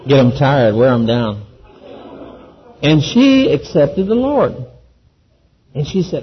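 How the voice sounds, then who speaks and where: Folksy man, husky and a bit high, earnest testimony storyteller, dull lo-fi recording. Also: huge pitch swings, takes it slowly, long pauses. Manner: earnest, folksy, acts out the quoted voices. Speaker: Christian speaker giving a testimony.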